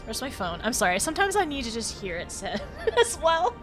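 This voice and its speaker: A woman's voice: high voice, huge pitch swings, brisk, over music. A woman livestreaming a game, chatting casually with viewers, giggling often and tripping over her words. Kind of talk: casual live-stream chat while gaming.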